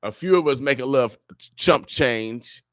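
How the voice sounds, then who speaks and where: A man's voice: medium pitch, normal speed, fairly bright tone, no room sound, studio quality. A man from Omaha hosting a morning radio show, preaching and motivating listeners in an emphatic, sermon-like way with repeated "oh yeah" refrains. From Omaha, Nebraska, USA. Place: radio studio.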